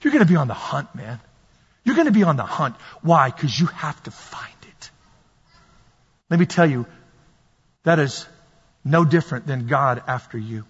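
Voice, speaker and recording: Male pastor, high husky voice, fervent repetitive sermon delivery, dull recording with a long echo. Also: big pitch swings, normal speed, pauses often. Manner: impassioned, repetitive preaching, acts out quoted voices. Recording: dull lo-fi sound with long hall reverb.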